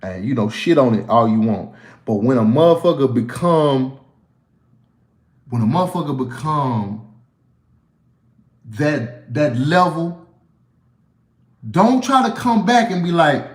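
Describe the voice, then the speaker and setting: Casting note: mid-pitched Southern man, casual livestream Q&A, loose and cussing, plenty of restarts, echoey room. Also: animated, slow, pauses often. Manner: blunt, profane, rambling with frequent restarts. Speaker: comedian answering viewer questions.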